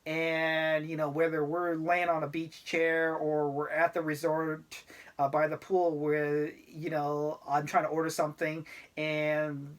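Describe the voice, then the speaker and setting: A man's voice: fairly high pitch, completely flat delivery, unhurried. A middle-aged man talking casually to camera about life abroad, rambling and laid-back with many fillers. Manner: laid-back, self-deprecating. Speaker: expat vlogger.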